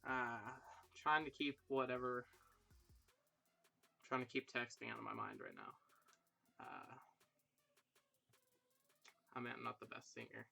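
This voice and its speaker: A young livestreamer from Ireland jokes about himself and rambles as he talks casually with his audience. His mid-range voice barely moves in pitch, and it comes out a little slow and creaky, with long pauses and a pushed, bright quality. Faint music plays behind him.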